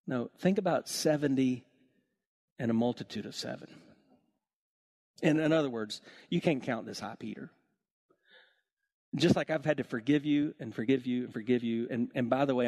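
A man preaching a sermon to his church, telling stories with lively acted-out voices. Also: fairly quick. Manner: animated storytelling, acts out voices with big swings in pitch. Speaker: pastor.

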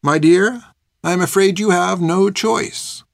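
A man voicing a calm older nun who speaks in a measured, genteel way. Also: high voice, gravelly, no room sound, clean studio sound, pitched above the performer's own voice. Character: calm older nun, gentle but unbending.

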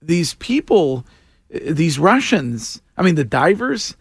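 Gravelly-voiced male radio host. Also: on the high side, sing-song, slow pace, dry recording, clean studio sound. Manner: rambling, restarts and laughs. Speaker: radio talk show host. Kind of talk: casual radio banter.

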